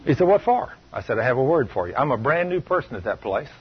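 Man, preacher, husky voice, stern emphatic storytelling, muffled radio sound. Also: medium pitch, big pitch swings, fast talker. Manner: stern, emphatic storytelling, shifting loud and soft. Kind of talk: sermon with personal stories.

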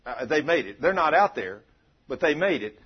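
A man's voice: a little high, big pitch swings, moderate pace, slightly rough, highs cut off. A man preaching a testimony sermon in a folksy, dramatic storytelling way. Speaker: lay preacher.

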